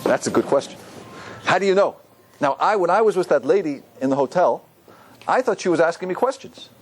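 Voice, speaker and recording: A man's voice: a little high, fairly quick, slight background noise. A man, a rabbi, teaching a Torah class and asking his listeners questions. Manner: animated, asks the audience questions.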